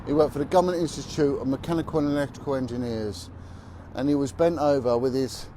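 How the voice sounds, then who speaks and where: A man's voice: medium pitch, steady tone, fast, mellow, a little hiss or hum. A man who is a former police officer, telling stories bluntly and with emphasis as he walks down a city street. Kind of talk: walking vlog monologue.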